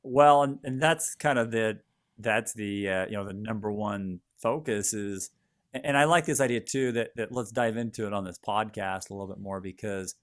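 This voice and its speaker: A man's voice: lowish voice, moderate pace. A man who works as a financial advisor, co-hosting a podcast in casual chat, rambling and stammering on his starts.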